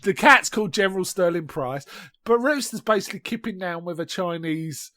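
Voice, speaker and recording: A man's voice: high-pitched, expressive, sharp tone. Chatty man retelling a film. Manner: retells scenes with quick voiced quotes and frequent laughs. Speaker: podcast co-host. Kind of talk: casual film-recap chat.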